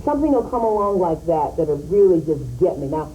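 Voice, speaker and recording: Animated woman telling stories in a mellow voice. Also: fairly low pitch, fairly quick, dull audio, a little hiss or hum. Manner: animated storytelling, acting out other people's voices in quotes. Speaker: talk show host interviewed as a guest. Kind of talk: TV interview, candid anecdotes.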